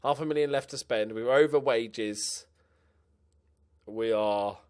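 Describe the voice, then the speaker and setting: A young man giving casual, animated commentary on his own game play, muttering to himself and swearing now and then. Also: mid-range voice, takes it slowly, clean tone. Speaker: gaming commentator.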